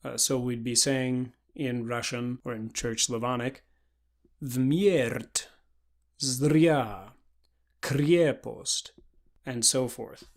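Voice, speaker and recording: A man giving a pronunciation lesson, deliberately spelling out sounds one by one with example words. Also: medium pitch, flat delivery, fairly bright tone. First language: English. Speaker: pronunciation instructor.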